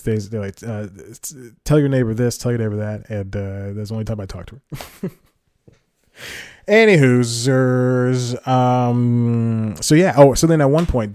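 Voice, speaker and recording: A man's voice: medium pitch, mellow, dry recording, clean studio sound. A man hosting a comedy podcast, telling a story in a rambling way, correcting himself and chuckling at his own asides. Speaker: podcast host. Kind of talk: casual comedic monologue.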